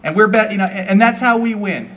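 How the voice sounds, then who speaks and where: A man's voice: high voice, fast, a bit bright, far from the mic, slight background noise. A man giving an earnest, rousing political speech at an outdoor rally. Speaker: rally speaker.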